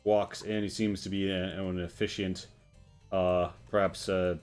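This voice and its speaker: A man's voice: low voice, level tone, unhurried, clean tone, soft background music. A man narrating as game master, rambling with many fillers.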